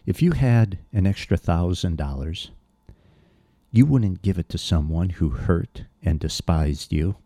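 A man's voice: sits low, expressive, unhurried, dark tone, dry recording. A man preaching a verse-by-verse sermon, earnest and blunt, reading scripture aloud and pressing his points with emphasis.

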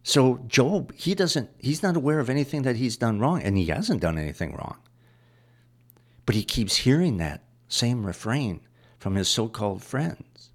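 A man's voice: medium pitch, very animated, moderate pace. A man preaching a sermon, going through scripture verse by verse and driving points home with repetition. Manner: explains verses line by line, repeating phrases.

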